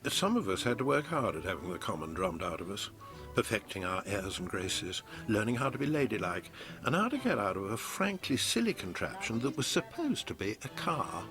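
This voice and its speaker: A man's voice: fairly low pitch, sing-song, fairly quick. A man narrating a documentary with wry, dry humor. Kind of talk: scripted narration. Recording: narration over background music.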